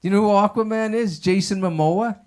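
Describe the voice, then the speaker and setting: A man on an open mic stage doing stand-up with a somewhat high voice. He rambles loosely through his bits, leaning on filler words like "like" and "man" as he goes. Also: fairly quick. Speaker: stand-up comedian. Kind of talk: stand-up comedy set.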